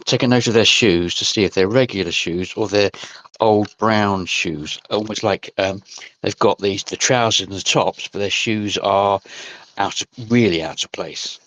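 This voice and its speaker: Guy playing a tabletop game, lowish voice, says what he does straight out, dry sound. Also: moderate pace, a bit bright, no room sound. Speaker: player.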